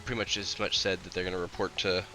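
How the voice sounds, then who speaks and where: A man's voice: deep voice, level tone, fast talker, poor audio. A man playing in a tabletop game, laying out a plan in casual chat. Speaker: player.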